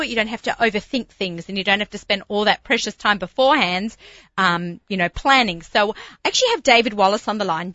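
A woman's voice: medium pitch, sharp tone, no echo, muffled recording. An Australian woman hosting a radio talk show, chatty, often restarting her words. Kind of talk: casual radio chat.

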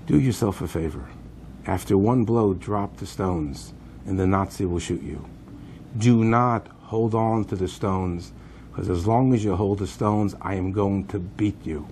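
Guy doing a nervous kapo, quiet and urgent, slow, low mellow voice. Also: slight background noise. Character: uneasy male camp kapo.

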